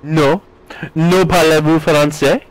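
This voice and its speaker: A man's voice: a little high, fairly even intonation, slow pace, no echo, low-quality recording. A man from the United States in his thirties, streaming a game live and chatting with his viewers, reading their messages aloud with playful jokes.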